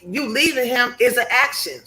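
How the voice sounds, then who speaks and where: A woman's voice: on the high side, expressive, moderate pace, bright, forceful tone, low-quality recording. A woman hosting a livestream, giving heated, blunt commentary full of profanity and preaching to her chat viewers. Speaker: livestream host.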